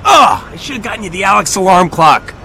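An actor voicing an eager, excitable male lion in an animated film, fussing over a gift. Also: sits high, brisk, creaky, a little hiss or hum, full character voice.

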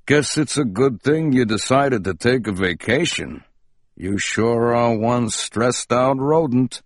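A man's voice: mid-range voice, expressive, takes it slowly, dry recording, studio quality, pitched below the performer's own voice. A man voicing a plump, lazy male mouse who works as a hotel clerk, mumbling and drawling between yawns. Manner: yawning, mumbling, unbothered drawl. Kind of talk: storybook reading.

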